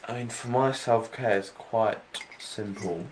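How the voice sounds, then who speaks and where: Very deep-voiced hesitant young man. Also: unhurried, a little mellow, rough recording. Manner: laconic, hesitant. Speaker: guest, host's son. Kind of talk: casual chat. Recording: faint background noise.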